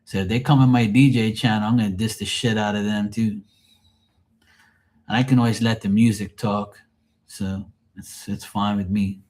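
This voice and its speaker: A man's voice: on the low side, fairly even intonation, moderate pace, a little mellow. A man chatting casually to his livestream viewers, rambling and swearing freely in a joking way. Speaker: livestream host.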